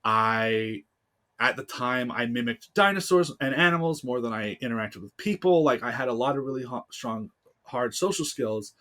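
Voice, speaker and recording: A speaker in his thirties with a man's voice, from the United States, talks as a podcast guest in a casual interview. He tells stories in an animated, heartfelt way, with plenty of fillers along the way. His voice sits at an ordinary middle pitch. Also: moderate pace. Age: 30s.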